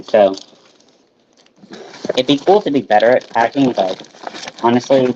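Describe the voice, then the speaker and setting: A low-voiced man chatting on a casual home livestream, looping through "like"s and half-finished thoughts. The audio is dull and lo-fi, with faint room noise behind him. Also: a little mellow. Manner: rambling, filler-heavy, self-interrupting. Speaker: livestream host. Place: small home kitchen.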